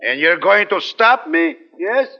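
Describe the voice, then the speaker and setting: Russian-accented blowhard neighbor, theatrical threats, high-pitched with gravel. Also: male voice, sing-song, a little slow, heavily acted. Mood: mocking. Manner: theatrical, mock-menacing threats. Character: sneering, blustering Russian male neighbor. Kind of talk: 1940s radio comedy acting. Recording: dull old radio broadcast with hiss.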